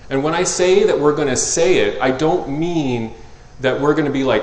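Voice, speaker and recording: A man's voice: mid-range voice, normal speed, hardly any pauses. Impassioned male pastor in an echoing church. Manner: impassioned preaching, rising loud on scripture, dropping soft and tender. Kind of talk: sermon. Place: church sanctuary. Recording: roomy church echo.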